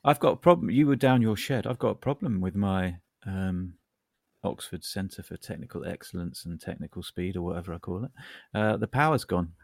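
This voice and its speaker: A man in his fifties, co-hosting a podcast in casual chat, rambling and jokey with bursts of excitement. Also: low-pitched, a little fast, vocal fry, no echo, studio quality. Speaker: podcast co-host. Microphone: computer mic on a remote call.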